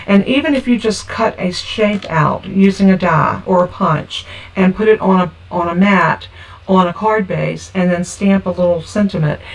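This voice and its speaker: A woman's voice: mid-range voice, gravelly. Chatty woman crafting from a distance. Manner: chatty, homey, talks through each step. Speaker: card-making crafter. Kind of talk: casual craft tutorial. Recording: from a distance with faint background noise.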